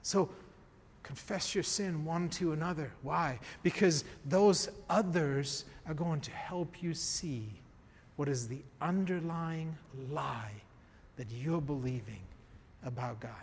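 A man preaching a sermon as pastor, emphatic, swinging from quiet to raised. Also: on the high side, slow, husky, long reverb tail. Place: church.

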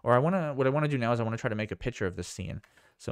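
A man's voice: medium pitch, animated, racing, dry recording. A man vlogging a casual screen demo, rambling and thinking aloud with amazement. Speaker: tech vlogger.

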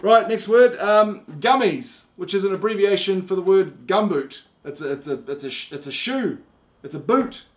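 A young man with a New Zealand accent, casually walking his daughter through a playful repeat-after-me lesson. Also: high-pitched. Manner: playful, halting, laid-back. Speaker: dad teaching his young daughter slang. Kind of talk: casual instructional video.

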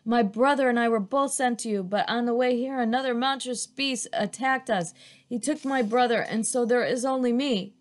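A woman's voice: on the high side, normal speed, pitched above the performer's own voice, close to an everyday voice. Woman reading as a small, trembling, pleading girl.

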